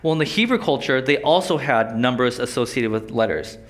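A man's voice: medium pitch, animated, fairly quick, a bit bright. A young adult man teaching a Bible lesson in a casual, conversational sermon style, often asking his listeners questions. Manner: conversational, asks the audience questions.

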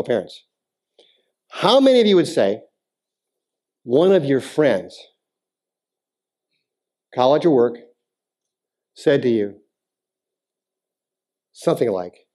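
A man preaching a sermon as a pastor in a church, talking casually with the congregation and then building to emphatic, near-shouted appeals. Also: medium pitch, big pitch swings, slow pace, long pauses. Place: church sanctuary.

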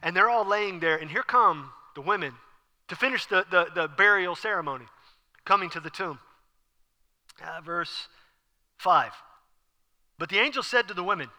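High, bright-voiced preacher man. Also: moderate pace, long pauses, big-room sound. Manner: animated, conversational preaching with asides and laughs. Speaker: pastor. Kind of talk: sermon.

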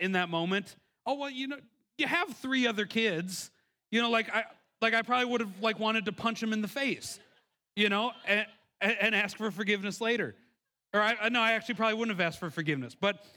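A man's voice: high voice, pushed and bright. A man in his thirties preaching a sermon, telling a personal story earnestly with many restarts. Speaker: pastor.

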